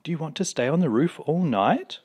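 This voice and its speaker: A man's voice: lively intonation, a little fast, darkish tone, husky. A man doing an anxious little boy calling his cat. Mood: pleading. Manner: pleading, high and earnest.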